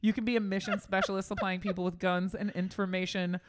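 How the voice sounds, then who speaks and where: Playful joking woman, mid pitch. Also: little pitch movement, fast, noisy background. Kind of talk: casual chat.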